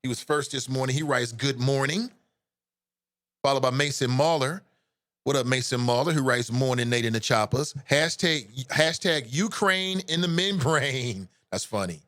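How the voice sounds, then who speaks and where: A man hosting a live call-in radio show, chatting with listeners in an animated, joking way that turns earnest. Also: mid-range voice, normal speed, dry recording, studio quality. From United States.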